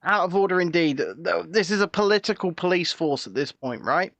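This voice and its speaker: A man co-hosting a casual live show, telling stories in an animated way and often repeating words as he goes. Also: sits high, a little fast, gravelly, no echo. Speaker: co-host. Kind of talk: casual live-stream chat.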